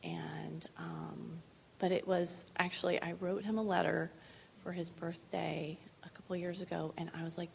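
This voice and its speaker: Gravelly middle-aged woman sharing candidly. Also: fairly low pitch, flat delivery, moderate pace, slight background noise. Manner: earnest, laughs often, drops to a hushed voice. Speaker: guest sharing her faith story. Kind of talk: candid conversational testimony.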